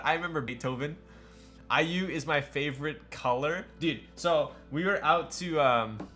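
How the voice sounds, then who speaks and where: A male streamer with a bright, sharp voice chats loosely with his viewers. He jokes, answers chat and laughs as he goes. Soft music plays faintly behind him. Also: fairly high pitch. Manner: chatty and joking, replies to chat, laughs often. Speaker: live streamer building a keyboard. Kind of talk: casual live-stream chat.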